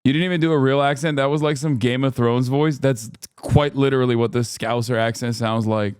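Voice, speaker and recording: A man in his thirties riffs sarcastically over clips, swearing freely and jumping between mock outrage and laughter. His voice is smooth and resonant, recorded dry and close with no room sound. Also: medium pitch, brisk, no echo. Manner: profane, sarcastic, animated. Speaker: streamer reacting to videos. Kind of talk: casual streaming commentary.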